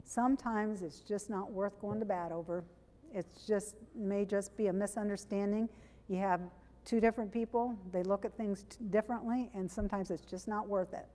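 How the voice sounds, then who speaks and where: A woman's voice: medium pitch, fairly even intonation, moderate pace, mellow. A woman giving a sermon in a conversational, plainspoken way, often correcting herself mid-sentence. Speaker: preacher. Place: church sanctuary. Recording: long church reverb.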